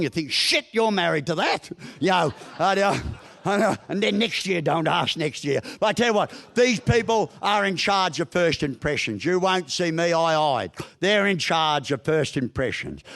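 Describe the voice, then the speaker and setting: Aussie bloke spinning yarns in a business talk, high-ish voice, cheeky and blunt. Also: male voice, fairly bright tone. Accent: Australian. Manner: folksy, blunt storytelling with mild swearing. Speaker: business speaker. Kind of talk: humorous keynote speech.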